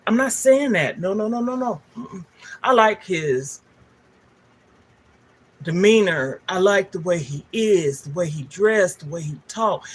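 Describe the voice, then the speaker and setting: A woman's voice: mid-range voice, slightly rough. An older woman, a livestream host telling a candid, emotional personal story straight to her viewers.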